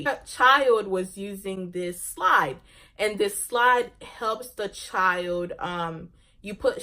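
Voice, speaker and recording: A woman's voice: medium pitch, a bit bright. A young woman vlogger telling a casual personal story, laughing often and ending on a faith message.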